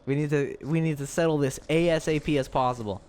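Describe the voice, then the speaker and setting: A man's voice: fast, a little mellow. A man streaming live, chatting with his viewers in a rambling, giggly way. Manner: giggly, rambling, breaks into high laughing shrieks. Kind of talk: casual live-stream chat.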